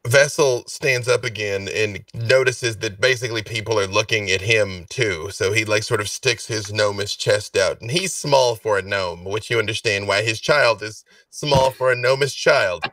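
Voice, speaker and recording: A man narrating a tabletop game as game master, relaxed and chatty. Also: on the low side, moderate pace, hardly any pauses, dry recording, recorded from a distance.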